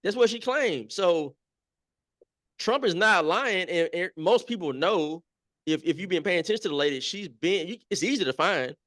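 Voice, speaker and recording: Man, talk show guest, fairly high voice, dry close sound, emphatic, repeats himself. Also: expressive, normal speed, fairly bright tone, dry recording. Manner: emphatic, repeats points, conversational fillers. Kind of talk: casual political chat.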